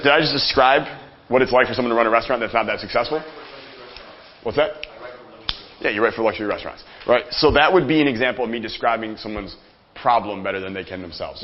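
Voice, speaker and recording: A man's voice: on the low side, fast, lo-fi sound. A man coaching a live workshop audience on closing sales, talking energetically and joking with the room.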